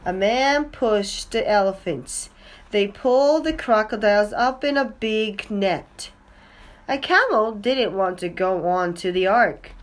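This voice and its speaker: A woman reading a children's storybook aloud, in a slow, clear and expressive way. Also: mid-range voice. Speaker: storybook reader.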